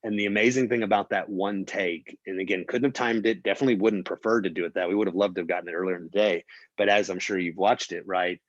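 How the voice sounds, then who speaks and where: Low-voiced man telling a story. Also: quick pace, dry recording, dull audio. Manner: animated storyteller, acts out quotes, many fillers and restarts. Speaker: film producer, guest. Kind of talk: casual interview storytelling.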